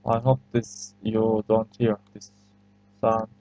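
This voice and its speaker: Slow, patient man with a Turkish accent. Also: lowish voice, flat delivery, mellow, no echo. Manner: patient, hesitant, repeats phrases for learners. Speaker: language teacher. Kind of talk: screen-recorded language lesson. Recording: slightly muffled lo-fi recording.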